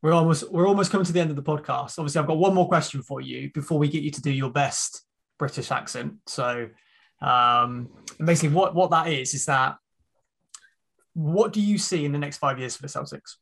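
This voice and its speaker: A man's voice: a little high, a little fast, vocal fry, a bit bright. A man hosting a podcast, asking questions in a loose, hesitant way with fillers. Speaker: podcast host. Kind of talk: casual podcast interviewing.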